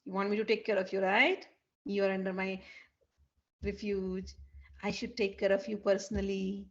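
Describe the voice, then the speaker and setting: A woman's voice: mid-range voice, level tone, moderate pace, highs cut off, natural voice. A woman playing a sulking, sarcastic young queen. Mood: gracious. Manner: sarcastic, scolding. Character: young divine queen, proud, sulking, teasing.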